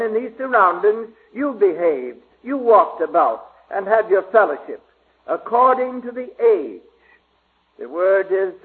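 A man giving a slow, halting Bible study sermon with many pauses and fillers. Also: high voice. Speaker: preacher. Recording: tinny phone-like old recording.

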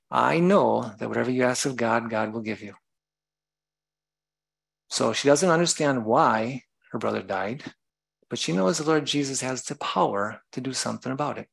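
Gravelly-voiced male preacher. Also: mid-range voice, low-quality recording. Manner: reads scripture aloud and explains it, with self-corrections. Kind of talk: sermon.

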